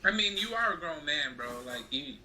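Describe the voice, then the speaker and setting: A man's voice: a little high, sing-song, moderate pace, pushed and bright, slight background noise, rough recording. A man who is a guest on a casual comedy podcast, teasing the host in easy banter.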